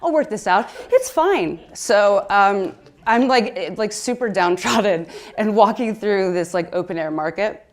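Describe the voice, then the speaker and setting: A woman in her thirties spins a comic story for a live talk. She is chatty and excitable and peppers every sentence with "like". Her mid-pitched voice often breaks into laughter mid-phrase. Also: unhurried. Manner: excitable and chatty, heavy use of "like"; laughs through her words. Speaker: speaker at a conference talk.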